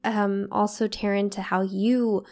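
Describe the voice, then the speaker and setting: A woman interviewing a guest, asking gentle, searching questions with halting phrasing. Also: mid-range voice, little pitch movement.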